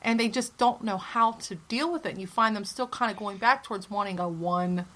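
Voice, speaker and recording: A woman co-hosting a casual podcast, talking in a heated, profane, opinionated way and swinging her pitch up to stress points. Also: fairly quick, fairly bright tone. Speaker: podcast co-host.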